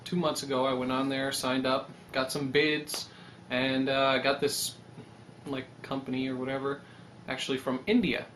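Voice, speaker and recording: A young man talking in a rambling, animated casual monologue, swearing freely and pitching his website idea. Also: normal speed, a little hiss or hum. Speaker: website creator.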